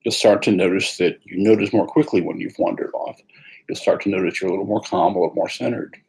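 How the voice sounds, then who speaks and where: Calm, husky-voiced man teaching meditation. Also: low-pitched, low-quality recording. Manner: calm, unhurried, with pauses. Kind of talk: guided meditation talk.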